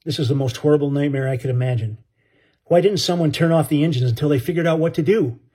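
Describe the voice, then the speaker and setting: Male narrator, husky voice, fairly high pitch, earnest audiobook reading. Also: fast talker, mellow.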